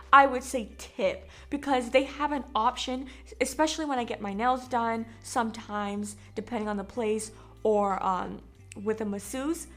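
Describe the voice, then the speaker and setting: A young American woman chatting casually to camera in a vlog, talkative and animated with lots of fillers. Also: on the high side. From United States. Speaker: vlogger.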